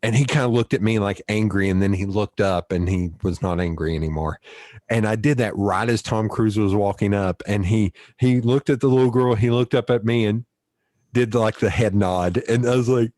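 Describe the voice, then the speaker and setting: A male podcast host telling stories in a casual chat, animated, laughing often and swearing freely. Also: fairly low pitch, moderate pace, no echo, clean studio sound.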